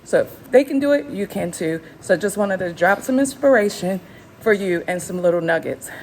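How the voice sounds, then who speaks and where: With a mid-range voice, lively intonation, and moderate pace, this YouTube host in her fifties vlogs unscripted from a gym treadmill. She's a bit out of breath but emphatically encouraging. The recording is poor, carrying a little hiss or hum.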